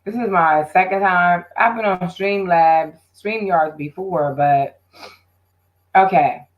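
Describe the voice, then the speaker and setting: A woman's voice: on the low side, takes it slowly, narrow, tinny audio. A woman hosting her own live stream, chatting casually and directly with her viewers. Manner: chatty, talks straight to viewers.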